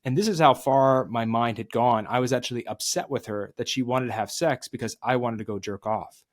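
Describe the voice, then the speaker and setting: A man as a podcast guest, telling a candid, confessional story and dropping quiet and low at the emotional moments. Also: fairly quick.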